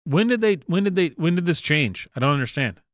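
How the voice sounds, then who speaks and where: Southern guy ranting on his channel, smooth clear voice, dry close sound, keeps restarting and going uh. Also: on the high side, animated, a little fast, no echo. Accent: Southern American. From American South. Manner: exasperated and emphatic, with frequent restarts and fillers. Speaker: commentary channel host. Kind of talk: casual opinion rant.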